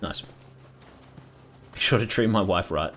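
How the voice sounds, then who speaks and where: A man's voice: on the low side, a little slow, a bit bright, a little hiss or hum. A young man chatting casually and rambling while playing a game, swearing freely. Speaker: gaming streamer. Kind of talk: casual gameplay commentary.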